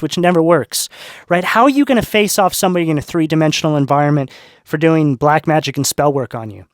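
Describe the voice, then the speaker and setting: A man's voice: a little high, dry recording, clean studio sound. A man giving a tarot reading to his viewers, talking in an earnest, spiritual way and checking in often with "right?" and "okay?". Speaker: tarot reader.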